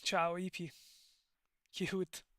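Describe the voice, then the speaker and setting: A man's voice: high-pitched, level tone, drawn-out words, fairly bright tone, dry recording. A man with an Italian accent chatting casually on a live stream, rambling, digressing and laughing often. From Italy.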